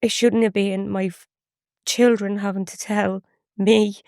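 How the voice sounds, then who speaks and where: A woman, a podcast guest telling a personal story in a halting, emotional way with frequent restarts. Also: medium pitch, flat delivery, creaky, a little mellow, no echo, studio quality.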